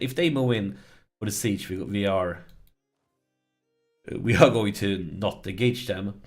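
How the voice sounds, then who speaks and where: A man's voice: on the low side, a bit bright. A man commenting on his strategy game as he plays, pleading with it and groaning when it goes wrong. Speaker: let's play host.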